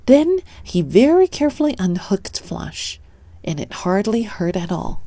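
A woman reads a children's picture book aloud, telling the story expressively. Her voice is on the low side, and there is no echo.

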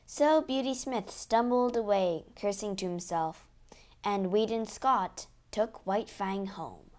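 A woman reading a children's adventure story aloud in a steady, expressive way. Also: medium pitch, slow pace. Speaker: narrator.

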